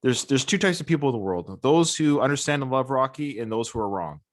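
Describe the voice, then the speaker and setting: Host: man, mid-pitched voice, eager and rambling in conversation. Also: lively intonation, brisk. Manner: enthusiastic, rambling, many restarts. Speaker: podcast host. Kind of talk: casual podcast interview.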